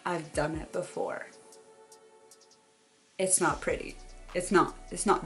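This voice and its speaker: A young woman talks straight to her phone camera in a casual advice vlog. Her delivery is animated and expressive, and she acts out quoted voices now and then. Faint music plays softly underneath. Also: on the low side, takes it slowly. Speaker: vlogger.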